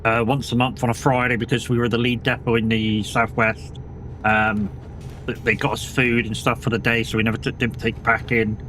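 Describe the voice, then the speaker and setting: A man's voice: medium pitch, level tone, moderate pace, a bit bright, slight background noise. A young British man streaming a driving game, chatting casually and swearing through rambling stories about old jobs. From United Kingdom. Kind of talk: casual chat while gaming.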